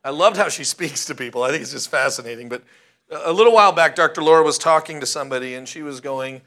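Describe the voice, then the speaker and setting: A male pastor preaching a sermon, emphatic and slowing down to stress key words. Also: a little high, sharp tone.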